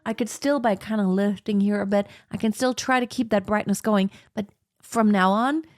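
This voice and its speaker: A woman teaching singing, explaining slowly and breaking into sung operatic soprano examples. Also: mid-range voice, fairly even intonation. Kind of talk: vocal lesson with sung demonstrations.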